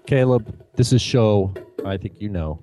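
A man's voice: lowish voice, unhurried, loud music behind the voice. A man co-hosting an online radio show, making dry, matter-of-fact quips in casual chat. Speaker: co-host presenting a segment.

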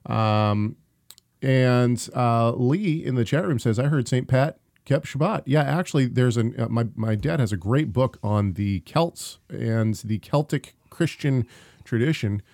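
A man's voice: medium pitch, unhurried, a little mellow, no room sound. Chatty guy hosting a talk show, rambly, dry close mic. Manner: rambling, self-correcting, laughs easily. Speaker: podcast co-host. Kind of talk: casual show chat.

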